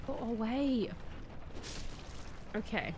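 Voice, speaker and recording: A woman streaming a game, possibly, chatting excitedly and answering her chat as she plays. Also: fairly high pitch, drawn-out words, noisy background. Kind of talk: live-stream gameplay chat.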